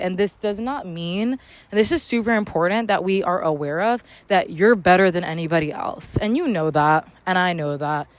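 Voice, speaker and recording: A woman hosting a casual motivational podcast monologue, talking loudly and candidly with slang and swearing, recorded outdoors in a public spot near traffic. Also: medium pitch, dry recording. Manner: loud, candid, slangy and profane. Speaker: podcast host.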